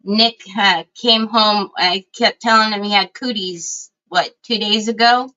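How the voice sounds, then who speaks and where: A middle-aged woman from Northern California hosting a craft livestream from her home desk, chatting slowly with viewers and greeting them by name, her voice squeaky and hoarse from a cold and interrupted by frequent throat clearing. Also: steady tone, sharp tone, highs cut off.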